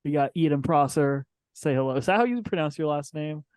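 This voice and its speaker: A man's voice: fairly high pitch, fairly quick, a little mellow, no echo. A man hosting a casual podcast with a group of guests, laid-back, with frequent ums. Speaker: podcast host.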